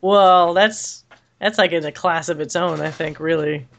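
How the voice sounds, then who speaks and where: A man's voice: fairly high pitch, fairly even intonation, a little slow, creaky, a bit bright. A man co-hosting a podcast in casual chat, rambling and laughing often as he talks. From United States. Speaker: podcast co-host.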